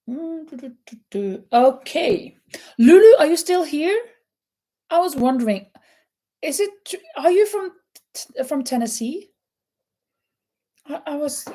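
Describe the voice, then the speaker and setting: A woman's voice: high voice, dark tone. A woman hosting a live crochet chat, reading out quiz questions and answering viewers, laughing often. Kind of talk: casual live-stream chat.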